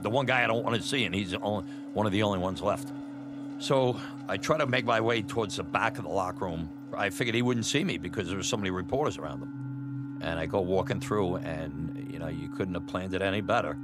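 A man's voice: deep voice, brisk, music in the background. A man telling a personal story about his youth, candid and conversational, chuckling now and then. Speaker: storyteller, former batboy.

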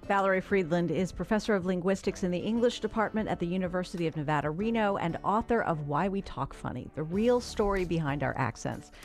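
Low-voiced woman radio host. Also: fast, hardly any pauses, faint music behind. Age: middle-aged. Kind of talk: public radio interview.

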